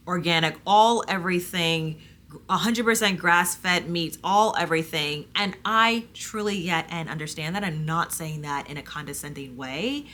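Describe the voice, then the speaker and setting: Woman in her thirties, casual rambling vlog talk, fillers and restarts, lowish voice with a bright, forceful edge. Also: slight background noise. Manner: pitch leaps high when animated. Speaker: homesteading vlogger.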